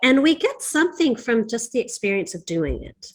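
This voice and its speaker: A woman's voice: on the high side, very animated, moderate pace. A woman hosting a casual interview, talking in a reflective, encouraging coaching manner. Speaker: host.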